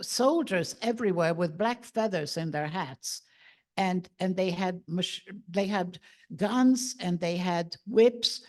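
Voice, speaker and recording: A woman's voice: lowish voice, a little mellow. A woman in her eighties from Hungary, speaking, telling her own memories as a guest speaker in a vivid, storytelling way. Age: 80s. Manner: vivid storytelling, acting out family voices. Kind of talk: personal testimony talk.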